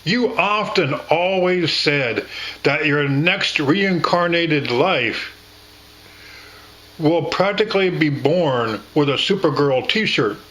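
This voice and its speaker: A man reminisces with his partner in a slow, rambling way, affectionate and quick to swear. His voice is bright and a little high. He takes his time between phrases. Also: lively intonation, low-quality recording. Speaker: co-host. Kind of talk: casual reminiscing chat.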